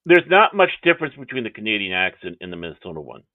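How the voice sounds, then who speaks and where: A man's voice: fairly low pitch, quick pace, dry recording, narrow, tinny audio. A man co-hosting a pop culture talk show, joking and ribbing the others. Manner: animated, joking, playful ribbing.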